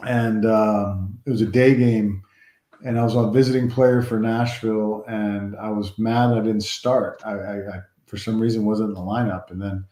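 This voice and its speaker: A man in his forties, a former ball player, telling rambling, animated stories from his career in an interview. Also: fairly low pitch, echoey room. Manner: rambling, animated anecdotes with restarts. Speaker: former baseball player, guest. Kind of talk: storytelling interview.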